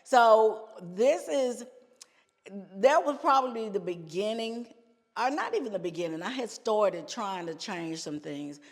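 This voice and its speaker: A woman's voice: mid-range voice, lively intonation, unhurried, long reverb tail. A woman from the United States, a gospel singer, telling her life story as a podcast guest and often repeating phrases for emphasis. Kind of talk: casual storytelling in an interview.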